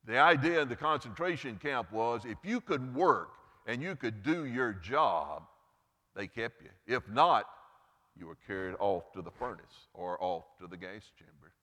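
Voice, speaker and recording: A man's voice: expressive, unhurried, pushed and bright, in a large hall. A man preaching a Mother's Day sermon as pastor, earnest, lifting and dropping his voice for emphasis, then praying. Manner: earnest preaching, pitch and volume rising and falling for emphasis. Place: church sanctuary.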